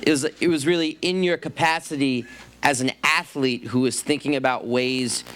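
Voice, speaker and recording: A man's voice: medium pitch, fairly even intonation, moderate pace, a bit bright. A man interviewing a guest on stage, setting up his questions at length. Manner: thoughtful, sets up a question at length. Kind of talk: onstage interview.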